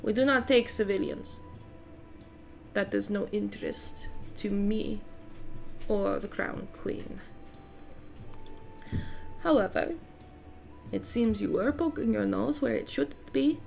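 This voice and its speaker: A woman's voice: medium pitch, slow pace, gravelly, pauses often, a little mellow, faint music behind. A woman playing a sly, menacing spider villainess. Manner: sly, mocking, threatening. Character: menacing female spider-queen villain, coldly amused.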